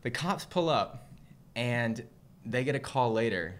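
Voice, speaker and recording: A young man from Southern California co-hosting a podcast, telling a funny story in a lively way, laughing and acting out the people in it. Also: mid-range voice, measured pace. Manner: animated, laughing, acts out the people in his story. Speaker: podcast co-host. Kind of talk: casual storytelling.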